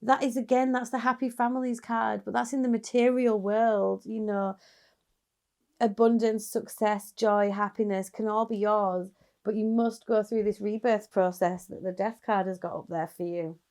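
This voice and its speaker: A woman's voice: medium pitch, fairly even intonation, moderate pace, a little mellow. A woman giving a casual, chatty tarot reading straight to her viewers, encouraging and sometimes laughing. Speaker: tarot reader.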